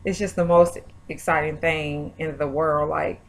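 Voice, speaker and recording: A woman's voice: deep voice, level tone, measured pace. A young woman, vlogging in a chatty, rambling way full of fillers. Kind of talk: casual chat.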